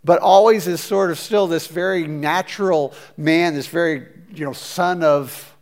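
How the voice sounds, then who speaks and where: Guy preaching a laid-back sermon, talks like he's chatting, gets animated, stumbles and restarts a lot. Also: fairly high pitch, a little slow. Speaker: pastor. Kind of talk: conversational sermon.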